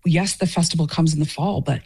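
A woman's voice: low-pitched, brisk, creaky, dark tone, slightly rough. A woman from Canada, a festival director, talking earnestly and with feeling in an interview. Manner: earnest and emotional. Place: Portage, Michigan.

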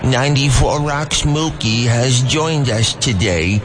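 A man's voice: mid-range voice, slow, crowd noise, pitched below the performer's own voice, close to an everyday voice. A man voicing a formal male school principal making an intercom announcement over background music. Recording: music bed under the voice.

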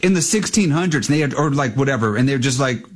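A man's voice: medium pitch, lively intonation, quick pace. A man co-hosting a radio show, rambling jokily and filling his talk with "like.". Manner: rambling, filler-heavy, jokey. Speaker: radio co-host. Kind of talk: casual banter. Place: radio studio.

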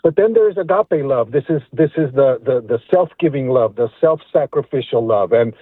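A man's voice: mid-range voice, expressive, normal speed, breathy edge, no room sound. A middle-aged man calling in to a radio show, earnest and reflective, restarting his words as he thinks. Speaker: caller. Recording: tinny phone line.

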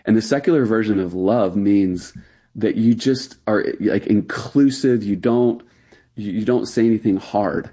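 A man's voice: fairly low pitch, a little slow, dark tone. A man, a pastor, talking earnestly as a radio interview guest and explaining his views with fillers and emphasis.

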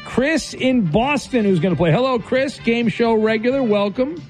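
A high-voiced man hosting a call-in game on the radio, his pitch swinging widely as he rambles through the rounds. He talks in a loose, joking way, stumbling over fillers and restarts. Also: expressive, normal speed, a little mellow, soft background music. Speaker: radio show host running a call-in game.

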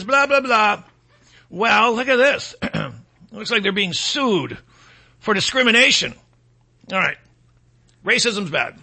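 A man's voice: sits high, vocal fry, sharp tone, husky. A male talk radio host delivering a sarcastic, rambling opinion monologue full of fillers.

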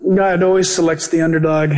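A male pastor and Bible teacher preaching a sermon in an animated, joking way, acting out the voices he quotes. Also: a little high, a little fast.

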